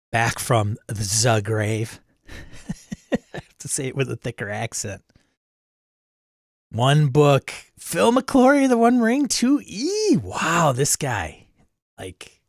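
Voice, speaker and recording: A man's voice: fairly low pitch, dry recording, clean studio sound. A man hosting a livestream, casually chatting and greeting viewers by name as he reads their comments. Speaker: livestream host reading chat. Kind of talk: casual chat.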